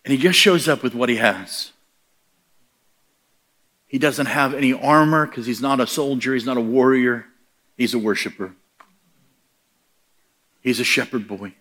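A man's voice: mid-range voice, unhurried, pauses often, fairly bright tone. A middle-aged man preaching a sermon, telling stories and acting out the voices he quotes, building to emphatic punchlines.

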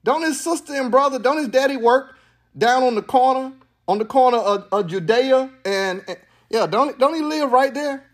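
High-voiced animated preacher man. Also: moderate pace. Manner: animated, playful preaching with slang and laughter. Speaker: pastor. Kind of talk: sermon. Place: church sanctuary with congregation.

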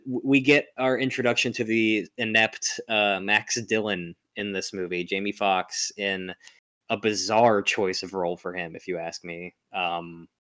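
A man talks through a movie recap in a relaxed, rambling way. His voice sits a little low. He fills pauses with "uh" and "you know". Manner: rambling, many fillers, laughs often. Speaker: podcast host recapping a film. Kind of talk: casual chat.

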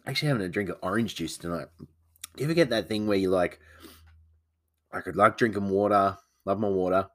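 Aussie bloke rambling on his podcast, real low voice, stuffy nose from hay fever. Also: fairly quick, pauses often, fairly bright tone. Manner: rambling, chatty, many fillers. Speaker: podcast host. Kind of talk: casual solo podcast chat.

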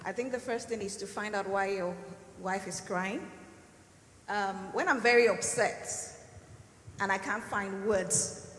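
A woman's voice: mid-range voice, unhurried, fairly bright tone. A woman on a church panel, answering earnestly and emphatically and repeating her points. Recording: echoey hall, faint ambience.

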